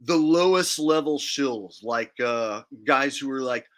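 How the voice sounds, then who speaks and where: His mid-range voice moves at a slow pace as he rants casually on his livestream. The host comes across as blunt and defiant, and he swears freely.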